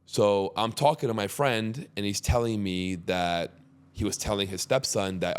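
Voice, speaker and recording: Emphatic low-voiced man hosting a podcast. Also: moderate pace, smooth. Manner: emphatic, animated when making a point, swears casually. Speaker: podcast host. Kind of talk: casual podcast conversation.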